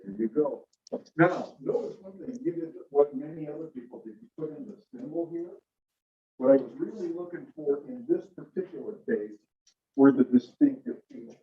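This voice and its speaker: A man teaching a classroom lecture on English sounds, relaxed and explanatory, slowing down to demonstrate words. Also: on the high side, husky. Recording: dull lo-fi classroom recording.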